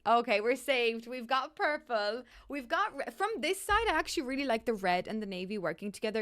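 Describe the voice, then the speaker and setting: A woman's voice: a little high, fairly bright tone. A young woman giving chatty, self-mocking commentary as she builds in a video game. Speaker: gaming YouTuber. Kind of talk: casual gameplay commentary.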